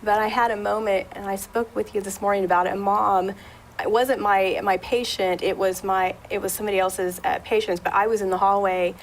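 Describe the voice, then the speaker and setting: A woman audiologist talking as a guest on a local talk show, chatty, with many fillers and restarts, and animated when retelling a story. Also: mid-range voice, a little fast, a little hiss or hum, poor audio.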